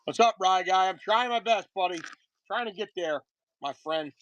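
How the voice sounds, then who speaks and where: A live-stream host selling card breaks, chatting casually and greeting viewers by name, with a voice that is getting a little hoarse. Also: medium pitch, moderate pace, fairly bright tone, no echo, dull audio.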